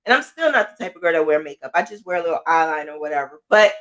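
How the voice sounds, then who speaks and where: A woman's voice: sits low, expressive, very fast, a bit bright. A woman hosting a podcast, telling her own story in casual talk and often repeating phrases for emphasis. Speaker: podcast host.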